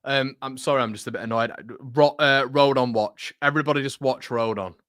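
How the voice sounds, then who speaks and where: Excitable man hosting a football watchalong. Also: mid-range voice, brisk, no room sound, clean studio sound. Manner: excitable, chatty, swings between shouting and muttering. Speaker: watchalong host. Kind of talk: live match watchalong commentary.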